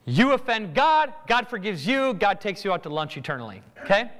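A man's voice: sits high, very animated, quick pace, few pauses, a bit bright, in a large hall. A man preaching a sermon, acting out both sides of everyday conversations. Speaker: pastor.

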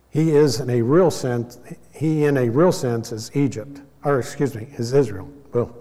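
A man's voice: mid-range voice, mellow. Man teaching a sermon in a hall. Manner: measured, explanatory, with small self-corrections. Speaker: Bible teacher.

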